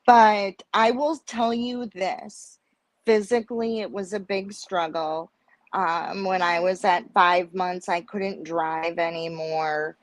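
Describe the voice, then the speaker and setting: A woman's voice: on the low side, slow pace, dry recording. A middle-aged woman telling a personal story on a panel chat, acting out the voices of people in it. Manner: animated storyteller acting out dialogue. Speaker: guest.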